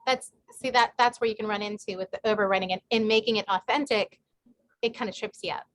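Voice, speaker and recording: A woman's voice: medium pitch, steady tone, quick pace. A woman author answering questions in a casual group chat on a video call, talking with many fillers and restarts. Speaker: guest author. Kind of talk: casual online group talk.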